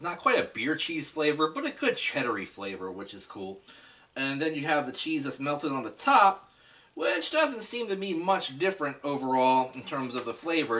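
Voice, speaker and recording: A man talks eagerly through a food tasting in a casual vlog, speaking straight to his audience. His voice is bright and forward, and he sits a little back from the microphone. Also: medium pitch, animated, moderate pace, distant mic. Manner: enthusiastic, chatty, addresses viewers directly. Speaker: food reviewer.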